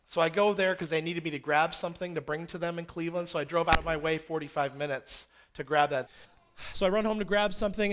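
Pastor, male, 30s: high and bright, animated sermon storyteller. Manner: animated, self-deprecating storytelling with sudden high bursts.

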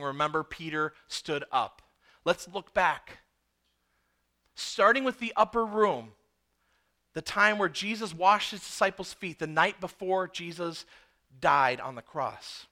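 A man preaching a sermon, telling a story with animated emphasis and many rhetorical questions. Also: fairly high pitch.

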